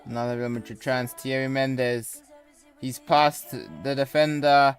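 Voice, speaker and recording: A man's voice: mid-range voice, little pitch movement, unhurried, faint music behind. A young man commentating a football video game, mixing sports-caster calls with rambling jokey asides. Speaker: gaming YouTuber. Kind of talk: casual gameplay commentary.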